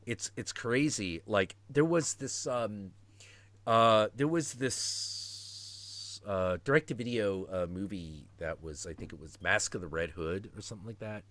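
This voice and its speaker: Stream host, man in his 40s, low voice, animated and profane, dry sound. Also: measured pace, no echo. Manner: animated, profane, acts out quotes. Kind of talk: casual chat.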